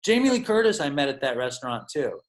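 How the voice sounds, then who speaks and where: A man's voice: on the high side, sing-song, fast. A man telling stories as a podcast guest, rambling and profane and full of "like". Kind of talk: casual storytelling.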